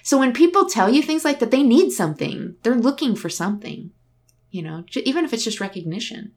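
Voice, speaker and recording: This woman's fairly high, slightly mellow voice has a sing-song lilt and moves a little fast. In a relaxed conversation, she tells a personal story with candor and reflection, acting out what people said.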